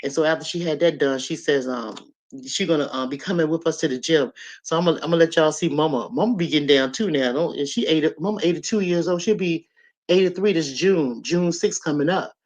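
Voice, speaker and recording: A woman's voice: sits low, a little fast. Chatty laughing woman in her sixties. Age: 60s. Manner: animated, laughing, chatty, talks straight to viewers. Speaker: live-stream host. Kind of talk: casual live-stream chat.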